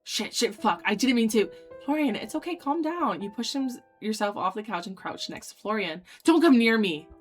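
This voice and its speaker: A young woman streamer reading a dating sim aloud, voicing its lines dramatically and breaking off into loud excited reactions. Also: medium pitch, normal speed, faint music behind.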